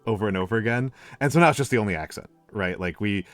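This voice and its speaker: A man with an American accent chatting casually on a stream, rambling and halting with many restarts. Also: on the low side, soft background music. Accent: General American. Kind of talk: casual chat.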